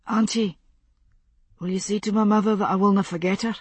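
A woman voicing a resolute young Scottish man who speaks softly, with a Scottish accent. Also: medium pitch, fairly even intonation, a little fast, husky, no room sound, close to an everyday voice. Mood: quiet resolve. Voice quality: soft-spoken.

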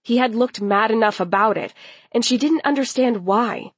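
A woman reading a story aloud as narrator, in a steady, unhurried way. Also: a little high, slightly rough, no room sound.

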